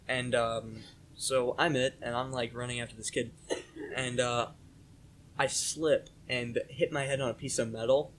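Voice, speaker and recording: A young man co-hosts a casual podcast and tells a long story from school. He rambles, fills gaps with ums and likes, and gets animated at the funny parts. Faint noise sits behind the voice. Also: mid-range voice, measured pace. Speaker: podcast co-host.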